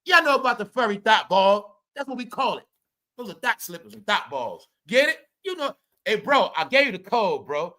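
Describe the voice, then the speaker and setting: A man's voice: high-pitched, sing-song, normal speed. A man hosting a casual celebrity gossip rant, swearing, laughing often and talking straight to his viewers. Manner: loud, laughing, swearing, addresses viewers as y'all. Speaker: commentary host.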